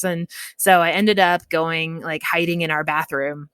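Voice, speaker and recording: A woman's voice: low-pitched, fairly even intonation, measured pace, fairly bright tone, clear, resonant tone, no room sound. A woman guest on a podcast, chatting casually as she tells her birth story, laughing often and acting out what people said.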